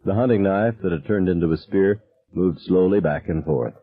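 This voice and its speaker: A man reading a first-person novel aloud as an audiobook narrator, in measured, low-key storytelling. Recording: tinny, phone-like narrow sound.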